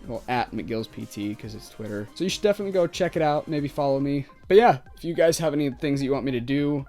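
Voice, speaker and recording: A man's voice: mid-range voice, animated, quick pace, mellow, faint music behind. A man talking casually to camera as a YouTuber, ranting with lots of "like" and "um". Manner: casual, ranting, heavy use of "like" and "um". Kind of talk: ranting vlog commentary.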